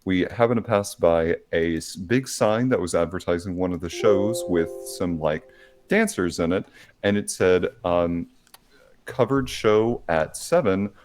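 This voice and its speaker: A man's voice: low voice, unhurried, a little mellow, soft background music. A man co-hosting a podcast, telling a story and going off on tangents. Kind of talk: casual anecdote.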